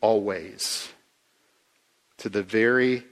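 A man preaching a sermon in a conversational way, asking the listeners questions and swinging from emphatic rises to quiet low asides. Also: fairly even intonation, very slow. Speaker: pastor.

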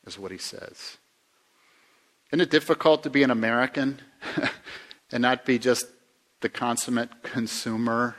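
A man preaching a sermon in a conversational way, asking the listeners questions and swinging from emphatic rises to quiet low asides. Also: moderate pace. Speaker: pastor.

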